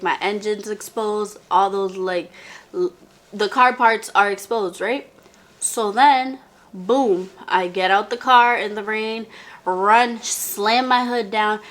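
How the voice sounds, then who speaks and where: A woman's voice: mid-range voice, a bit bright. A young woman telling a casual storytime to her viewers, chatty and full of "like" fillers, calling the viewer "girl".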